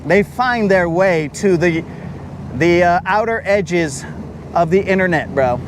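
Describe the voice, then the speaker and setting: A man streaming live from a fishing boat on a lake, joking with his chat in a slangy way, his voice a bit raspy from talking. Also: high-pitched, lively intonation, takes it slowly, noisy background. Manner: slangy, joking, talks to chat as bro and dog.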